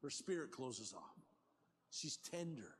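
An older man preaching a sermon as pastor, talking in a conversational, animated way with folksy asides. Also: mid-range voice, slow pace, slight background noise. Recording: long hall reverb, faint ambience.

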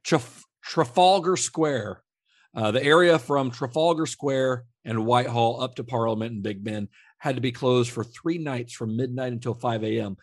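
A man's voice: mid-range voice, moderate pace, dry recording, clean studio sound. A man co-hosting a podcast, chatting casually about film trivia with plenty of fillers and restarts. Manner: relaxed, rambling with frequent fillers and restarts. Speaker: podcast co-host.

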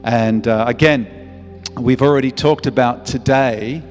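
A man's voice: medium pitch, fairly even intonation, unhurried, big-room sound, faint music behind. A man in his fifties, a pastor preaching a sermon, earnest and repeating phrases for emphasis. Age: 50s.

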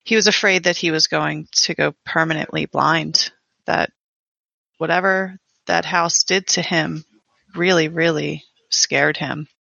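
A woman's voice: deep voice, steady tone, unhurried, creaky, sharp tone, dry recording, lo-fi sound. A woman playing a tabletop game, speaking in character in an earnest, concerned way. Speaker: player.

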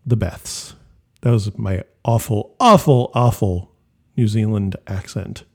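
A man's voice: lowish voice, slow, gravelly, husky. A man co-hosting a podcast in casual, jokey chat, recorded on a home office mic. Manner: chatty, jokey, laughs often. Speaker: podcast co-host.

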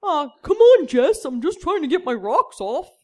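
A woman's voice: sits high, sing-song, moderate pace, mellow, voice pushed up. A woman reading aloud and putting on a goofy, childish grown man with a whiny delivery.

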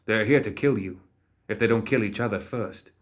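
A man's voice: lowish voice, fairly quick, natural voice. A man voicing an anxious one-eyed young man in an audiobook. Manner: worried and pleading.

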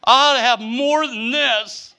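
A man in his fifties, a pastor preaching a humorous sermon with animated, mock-whining storytelling and folksy speech. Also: very high-pitched, unhurried. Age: 50s.

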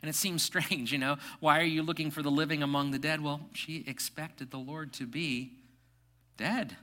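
A middle-aged man preaching with a bright, ringing tone, his voice sitting a little high for a man. He pushes into emphatic, repeated phrases, then sinks into quiet, reflective stretches. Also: steady tone, normal speed. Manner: drops to soft, hushed reflection. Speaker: pastor. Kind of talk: sermon.

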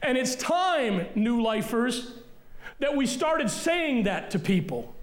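High-voiced blunt preaching man. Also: very animated, takes it slowly. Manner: forceful, blunt preaching with repeated punchlines. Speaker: pastor. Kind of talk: sermon. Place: church sanctuary.

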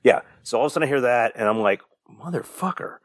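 A man's voice: mid-range voice, racing, no room sound, studio quality. A young man, a podcast co-host, rambling through a casual story with lots of fillers and the odd swear. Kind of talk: casual chat.

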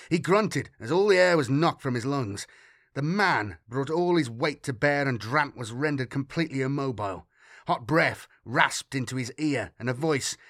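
A man reading a sci-fi audiobook in a steady, dramatic storytelling manner. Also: mid-range voice, dry recording, studio quality. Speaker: audiobook narrator. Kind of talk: scripted narration.

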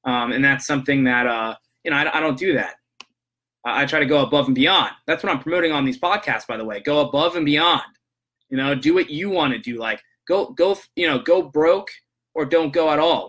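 Bright-voiced man rambling through a podcast story. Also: a little high, fairly quick. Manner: rambling, many restarts and "I'm like" asides; earnest, motivational. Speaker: podcast host. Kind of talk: casual monologue, storytelling about work calls.

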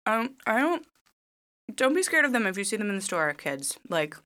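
A woman co-hosting a casual chat, telling stories in a chatty, animated way while she eats. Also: medium pitch, normal speed. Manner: chatty, animated storytelling with laughs.

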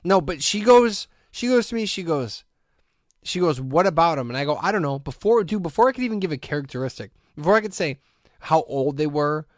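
A man from co-hosting a podcast, telling stories in a casual chat and sinking into low, quiet deadpan asides. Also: fairly quick, no room sound, clean studio sound. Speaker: podcast co-host.

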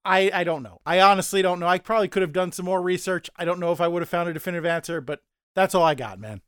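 A man's voice: high-pitched, fast talker, fairly bright tone, clean tone, no echo, clean studio sound. A man co-hosting a podcast, recapping a TV episode in a rambling, self-deprecating way with mock-dramatic asides. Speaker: podcast co-host.

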